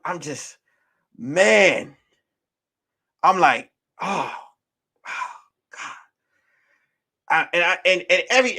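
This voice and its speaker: High, lively man telling a wild story. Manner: animated, profane, swings from hushed whispers to shouting. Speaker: show host. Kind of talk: casual storytelling on a livestream.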